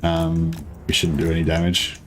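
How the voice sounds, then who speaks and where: A man's voice: deep voice, big pitch swings, normal speed, creaky. A young man casually commentating a strategy game as he plays, rambling, joking with his viewers and swearing now and then. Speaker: gaming streamer. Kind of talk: casual let's-play commentary.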